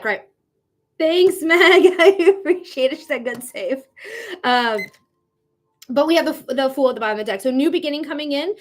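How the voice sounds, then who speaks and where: High-voiced chatty woman reading tarot live. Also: animated, moderate pace, pauses often. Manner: chatty, casual, swears freely; laughs often, talks straight to viewers. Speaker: psychic tarot reader.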